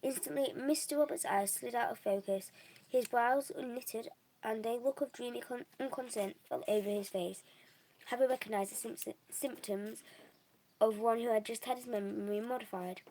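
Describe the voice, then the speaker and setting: A woman's voice: fairly high pitch, moderate pace, warm tone, slight background noise, poor audio. A young woman reading a novel aloud, unpolished, with small restarts and slips. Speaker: reader.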